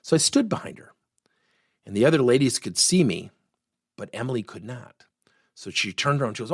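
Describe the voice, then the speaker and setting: A middle-aged man giving a workplace coaching lesson, telling stories and acting out the dialogue with lively energy. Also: medium pitch, fairly quick, long pauses, breathy edge, no room sound, studio quality. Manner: animated, acts out quoted dialogue.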